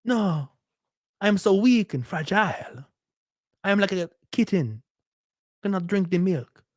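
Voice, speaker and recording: A man's voice: high voice, animated, a little slow, no room sound, clean studio sound, pitched above the performer's own voice. A man putting on the voice of a prissy, coy young woman, whiny and fake-innocent. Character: prissy coy young woman fussing over her figure.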